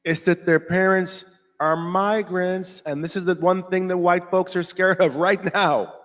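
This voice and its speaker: An American man hosting a casual commentary show, talking emphatically, repeating himself and slowing down to stress his points. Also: sits high, fairly even intonation, a bit bright. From United States. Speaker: host.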